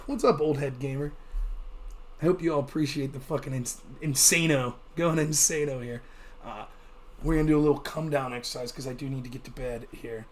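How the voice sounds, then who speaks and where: A man hosting a livestream, ranting about politics in a casual, profane and animated way. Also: mid-range voice, brisk, slight background noise. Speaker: livestream host.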